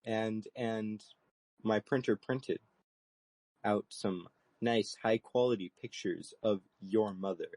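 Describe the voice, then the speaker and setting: A young man co-hosting a comedy podcast, deadpan and mock-profound, stuck on stammering repetitions. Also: lowish voice, slow, no echo. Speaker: podcast co-host.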